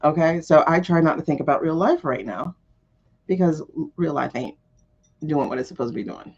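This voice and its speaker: Woman, casual live-stream tarot host, blunt and swears freely, lowish voice, slightly muffled lo-fi audio. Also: normal speed, breathy edge. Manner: blunt and animated, swears freely, laughs often.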